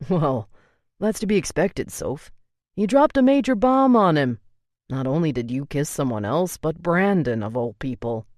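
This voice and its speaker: A woman's voice: deep voice, big pitch swings, moderate pace, a little mellow, no echo, clean studio sound. A woman reading an audiobook, voicing a protective young man, the heroine's level-headed but angry older brother, who talks bluntly and swears when riled. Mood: stern.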